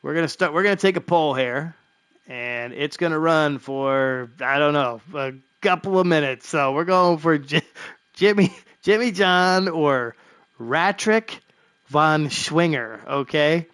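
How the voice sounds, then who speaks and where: A man streaming live, chatting his way through a baseball management game. He rambles along with plenty of fillers and quick chuckles, his voice sitting a touch high for a man. The sound is dry and close, with no room around it. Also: a bit bright, smooth, no echo. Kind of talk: casual live-stream commentary.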